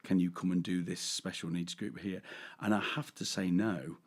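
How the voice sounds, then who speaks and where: A chatty man with a low voice talks at a moderate, steady pace in casual conversation. A podcast co-host and tribute singer, he tells stories and acts out fans using put-on voices.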